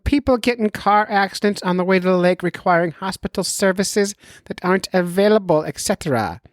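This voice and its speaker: A man's voice: brisk, no room sound, clean studio sound, lightly acted. A man putting on a frazzled, preachy doctor voice. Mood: lecturing. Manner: curt, lecturing, high strained voice. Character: overworked male doctor, blunt and preachy. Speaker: impression of a doctor friend read from messages. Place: home basement.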